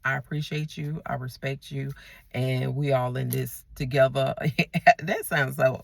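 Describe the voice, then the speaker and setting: A woman's voice: extremely low pitch, steady tone, a little slow, creaky, no room sound. A woman vlogger delivering a ranting monologue to her viewers, emphatic and repeating herself as she restarts her sentences.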